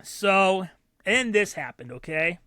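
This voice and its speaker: A man tells stories on a podcast with a high, very lively voice that swoops up and down. He acts out the people in his stories. The sound is bright and dry, close on the mic. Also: takes it slowly, smooth, dry recording. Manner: animated storyteller who acts out loud quoted voices. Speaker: podcast co-host. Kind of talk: casual storytelling chat.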